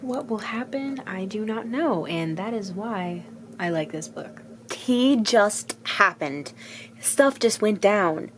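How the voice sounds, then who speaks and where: A young woman talks through her month of books in an easygoing vlog, blunt and lively, with quick drops into quieter asides. Her voice sits at an ordinary middle pitch. A faint hiss of background noise runs under the recording. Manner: candid, animated, blunt, swings to soft asides. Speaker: book vlogger. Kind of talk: casual reading vlog chat.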